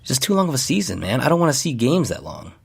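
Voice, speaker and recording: A man's voice: mid-range voice, very animated, fast talker, creaky, husky. A man co-hosting a podcast in casual chat, loose and jokey, laughing often as he reads through a list. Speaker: podcast co-host.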